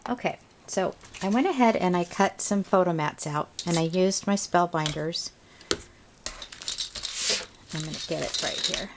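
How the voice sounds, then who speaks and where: A woman's voice: on the low side, unhurried, long pauses, background noise. A woman hosting a home craft tutorial, chatting casually and thinking aloud as she works. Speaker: crafting video host.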